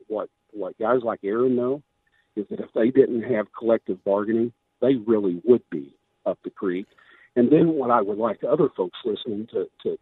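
Hoarse man on a tinny phone line. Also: mid-range voice, no room sound. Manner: emphatic, persuasive, with many restarts. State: losing his voice. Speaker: candidate for governor. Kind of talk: radio interview.

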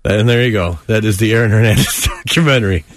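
A man's voice: lowish voice, fast talker. A man hosting a radio show in a studio, talking in casual, sarcastic banter and often laughing and mocking. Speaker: radio host. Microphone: studio mic.

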